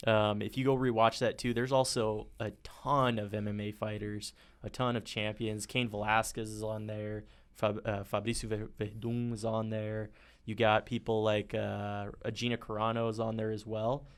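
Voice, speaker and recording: A man's voice: fairly low pitch, level tone, moderate pace, clean tone. A man co-hosting a podcast, arguing his side in a casual debate, confident and teasing. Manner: confident, teasing, laughs often.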